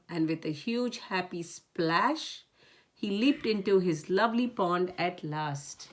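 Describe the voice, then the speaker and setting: A woman storyteller reads a children's picture book aloud, gentle and expressive. Her voice is fairly low and she takes a very slow pace.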